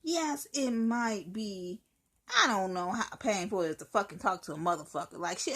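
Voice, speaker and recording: A woman's voice: expressive, fairly quick, fairly bright tone. A woman hosting her own show, giving blunt, profane life advice in a sassy monologue and calling the listener honey child. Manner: swings into high whiny mock voices. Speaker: host.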